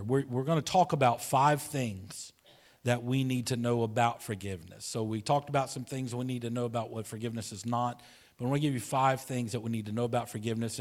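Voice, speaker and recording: A man's voice: mid-range voice, steady tone, fairly quick. Earnest pastor man preaching a story. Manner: earnest storytelling, repeats words, drops to soft voice for tender moments. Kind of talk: sermon. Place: church sanctuary.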